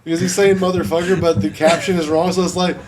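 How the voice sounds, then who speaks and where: A man who is a paranormal investigator, telling lively stories in a casual podcast chat. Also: sits high, fast talker, over a noisy crowd. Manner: animated storyteller, laughs while talking.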